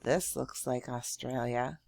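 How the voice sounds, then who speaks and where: A woman teacher giving a slow, encouraging lesson to young children, drawing out words and praising often. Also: a bass voice, fairly even intonation, vocal fry, a little mellow, no echo, studio quality. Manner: drawn-out words, frequent praise and thinking hums.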